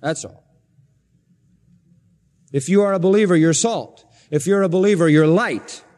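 A male pastor delivers an insistent, emphatic sermon in a high voice. His words ring out with a long reverb through a church sanctuary, captured on a 1970s recording. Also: unhurried, darkish tone. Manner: emphatic, insistent preaching with repeated phrases.

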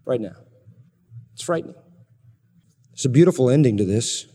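A man's voice: medium pitch, expressive, normal speed, dark tone, husky, in a large hall. A man preaching an expository sermon, emphatic and repeating key phrases for weight.

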